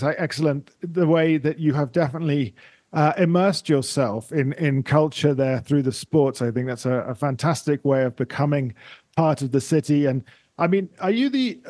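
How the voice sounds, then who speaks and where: A man's voice: on the high side, no echo, studio quality. A man from England, hosting a podcast interview and encouraging his guest with lots of restarts. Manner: warmly encouraging, full of restarts. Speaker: podcast host. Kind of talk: casual interview.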